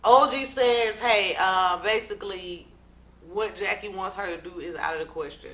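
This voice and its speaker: A young woman talks through a reality TV episode with sass and plenty of slang, turning to her viewers now and then. Her voice is bright and forward. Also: medium pitch, moderate pace. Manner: animated, sassy, with slang and asides to viewers. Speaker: reality TV recap vlogger. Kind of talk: casual reality show recap.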